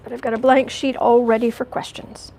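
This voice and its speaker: A woman hosting a casual livestream from home, chatting with viewers and reading their questions in a relaxed, rambling way. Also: fairly high pitch, a little fast, gravelly, a little hiss or hum. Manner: chatty, coos baby talk to her cat between reading viewer questions. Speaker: tarot reader and livestream host.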